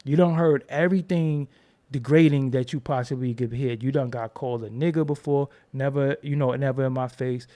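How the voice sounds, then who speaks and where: A man's voice: mid-range voice, fairly even intonation, a little fast, dark tone. A man hosting his own channel, talking in a casual, profane, rambling monologue and acting out quoted voices as he tells stories. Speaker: host.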